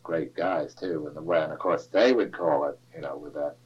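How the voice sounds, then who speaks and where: A man's voice: very deep voice, fairly even intonation, moderate pace, husky. An older man casually reminiscing about sailing days, rambling and chuckling as he tells stories. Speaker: interviewee. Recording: dull lo-fi recording.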